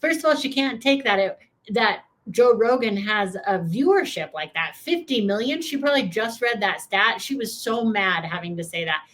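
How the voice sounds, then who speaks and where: A woman's voice: mid-range voice, expressive, moderate pace, a bit bright. A woman hosting a reaction video, giving sarcastic, opinionated political commentary and talking straight to her viewers.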